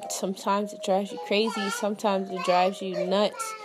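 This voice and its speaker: A woman's voice: medium pitch, fairly even intonation, moderate pace, over music. A young woman hosting a casual solo podcast, frazzled and candid, a mother talking openly about her day. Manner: frazzled, candid, breaks off to talk to her children.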